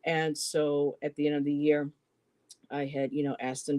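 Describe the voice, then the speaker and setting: A woman in her fifties, co-hosting a live poetry stream, telling a personal story casually, halting often with "you know" and restarts. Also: low voice, level tone, warm tone. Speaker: poetry show co-host.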